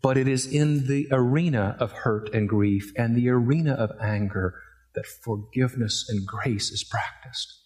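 A middle-aged man delivers a sermon in an ordinary mid-range voice. He moves from gentle storytelling into emphatic, rising points. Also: medium pitch, moderate pace. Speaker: pastor.

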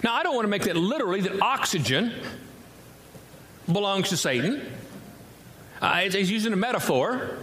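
A male pastor preaching a sermon, emphatic and repetitive, with wide swings between low and high delivery. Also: animated, moderate pace, pauses often, a bit bright. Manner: emphatic, repeats words for effect, wide swings in pitch. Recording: echoey hall, faint ambience.

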